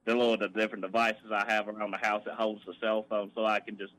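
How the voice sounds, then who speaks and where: A man with a fairly low voice, worn out from being sick. He talks in a slow, sluggish, relaxed way, as if lounging at home. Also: poor audio. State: tired from illness. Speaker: caller.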